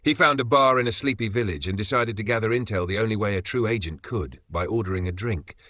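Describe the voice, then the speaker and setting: Male comic-story narrator, low, bright tone. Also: fast, no echo.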